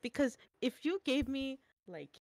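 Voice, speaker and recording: A woman's voice: sits high, lively intonation, measured pace, crowd noise. A woman in casual chat with friends, rambling with laughs and casual swearing. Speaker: artist streamer chatting with friends.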